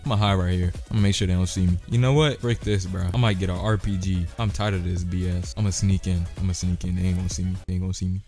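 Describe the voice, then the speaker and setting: A young man giving casual gameplay commentary, excitable and slangy, yelping and shouting in fights. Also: deep voice, fast talker, hardly any pauses, faint music behind. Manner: slangy, tags lines with "bro". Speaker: gaming streamer.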